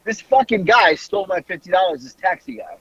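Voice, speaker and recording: A man, a podcast host telling a story in a casual, animated way, laughing and swearing freely. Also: high-pitched, fairly quick, husky, highs cut off.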